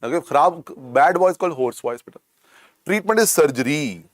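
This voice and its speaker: A middle-aged Indian-accented man teaches a medical exam class, repeating each point and coaxing his students. His voice sits a little high and swings widely in pitch. The recording is dry and close. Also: expressive, a little fast, dry recording. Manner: repetitive, coaxing, calls students "beta". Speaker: medical lecturer. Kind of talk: exam coaching lecture.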